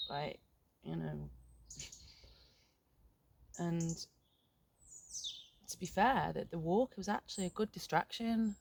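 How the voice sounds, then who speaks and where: Low gravelly-voiced middle-aged woman vlogging. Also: darkish tone, slight background noise. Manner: frank, halting, swears casually. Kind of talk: candid reflective vlog. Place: outdoors in a garden.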